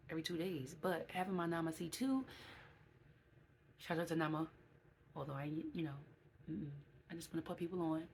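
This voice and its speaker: A woman with a low, grounded voice talks openly to her viewers in a relaxed vlog. She is candid and emotional and chats along with plenty of fillers. Faint noise sits behind her. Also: gravelly, poor audio. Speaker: vlogger. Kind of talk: casual vlog talk to viewers.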